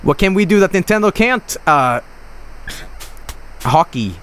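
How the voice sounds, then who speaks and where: Animated, yelling game streamer man. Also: measured pace, clear, resonant tone. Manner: swings from low grumbling to loud yelling and cursing at the game. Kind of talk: live gameplay commentary.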